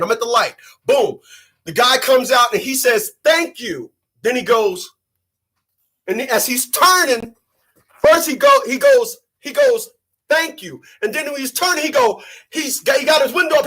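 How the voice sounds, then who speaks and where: A man hosting his own channel, ranting and telling a story in a loud, emphatic, profane monologue. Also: sits high, breathy edge. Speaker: channel host.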